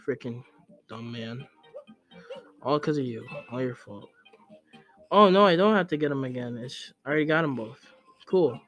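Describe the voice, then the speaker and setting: A young man giving casual gameplay commentary, chatty and excitable, who scolds the game character in sudden yelps. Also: a little high. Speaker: let's play gamer.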